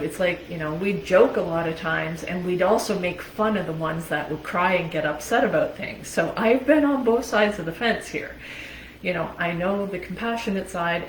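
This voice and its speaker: A woman's voice: fairly low pitch, echoey room, slight background noise, poor audio. A woman life coach giving a casual motivational talk, chatty and candid, laughing often and swearing casually.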